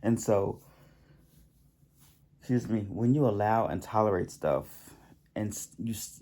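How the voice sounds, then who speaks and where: A man speaks in a low, gravelly voice with a dark, mellow tone. He gives a spiritual healing talk straight to camera, halting often and circling back over his own words. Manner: halting, repeats himself, pauses to yawn. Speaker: self-help channel host.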